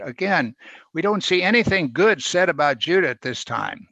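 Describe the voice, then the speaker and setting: A man preaching a verse-by-verse sermon, with sharp rises and drops in volume for emphasis. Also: fairly high pitch, lively intonation, moderate pace, dry recording, dull audio. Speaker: pastor.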